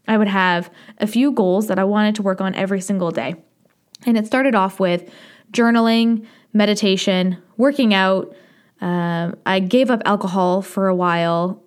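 A woman's voice: medium pitch, darkish tone. A woman hosting her own podcast, talking candidly and reflectively in a solo monologue, laughing easily now and then. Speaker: podcast host.

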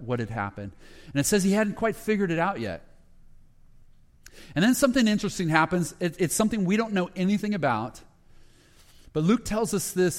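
Man, pastor, sermon storytelling, acts out quotes, lingering hall echo. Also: fairly high pitch. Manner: retells scripture with quoted dialogue, dropping to a hushed voice at emotional moments. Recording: long hall reverb.

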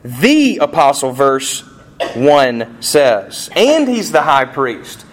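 A man preaching a sermon as pastor, animated, with rising emphasis and rhetorical questions. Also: mid-range voice, very slow.

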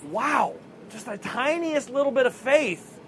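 High-voiced guy preaching outdoors at a racetrack, folksy and chuckly, faint traffic noise behind. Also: animated, measured pace, fairly bright tone. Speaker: racetrack chaplain. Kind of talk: outdoor chapel sermon.

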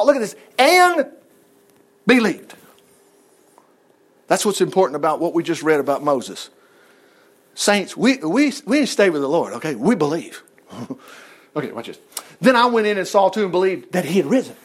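A man with a fairly high voice preaches to his congregation, reading scripture and then breaking off into casual asides. His pitch swings widely as he moves between verse and commentary.

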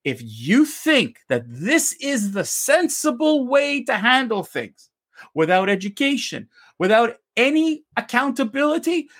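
A Canadian man co-hosting a heated debate, his voice pitched high. He rants with passion, swears often, and his voice swoops up and down as he argues. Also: very animated, unhurried, fairly bright tone. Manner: impassioned, ranting, swears. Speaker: co-host.

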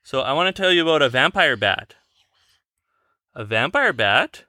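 A woman hosts a casual podcast with a child, her voice low but lively as it rises and falls. She has a bright, crisp tone and speaks in a patient, coaxing, teacherly way. The sound is dry and close on a desk microphone. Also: normal speed, no room sound. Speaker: podcast host.

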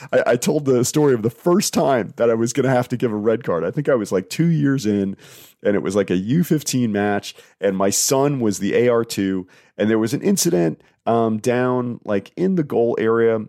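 Earnest low-voiced man hosting a podcast. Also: dry recording, clean studio sound. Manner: earnest, animated storytelling with fillers. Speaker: podcast host and soccer referee. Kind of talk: casual solo podcast talk.

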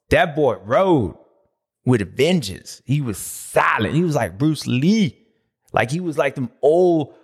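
A man hosting a motocross recap show, talking in a loose, slangy, animated way with loud bursts and low asides. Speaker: motocross podcast host. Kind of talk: casual race recap commentary.

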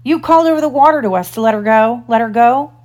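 A woman's voice: a little high, quick pace, darkish tone, voice pushed up, natural voice. Starkey: jumpy, pleading pirate crewman, raised voice, storybook read-aloud, a woman voicing him. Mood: nervous. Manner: nervous, pleading. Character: nervous adult male pirate crewman.

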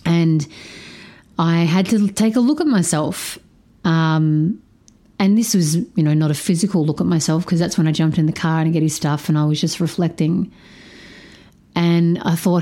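A woman with a slightly low voice hosts a podcast and tells a personal story with open candour. She swears freely, and her pace keeps shifting between quick and drawn out. She sounds a bit drained of energy. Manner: animated, changes pace often. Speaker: podcast host.

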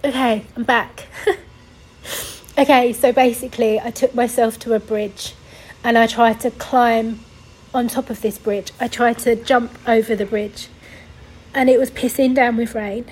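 A young woman tells her own story on her podcast, her voice a little high and breathy. She sounds tearful, sighing often and rambling, with many restarts and corrections. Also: poor audio. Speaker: podcast host. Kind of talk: personal storytelling.

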